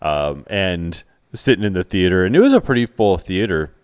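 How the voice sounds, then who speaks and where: A man co-hosting a podcast, mostly agreeing, then telling a lively anecdote. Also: low voice, normal speed, clean tone. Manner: steady backchannel, animated when telling anecdotes. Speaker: podcast co-host. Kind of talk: casual chat.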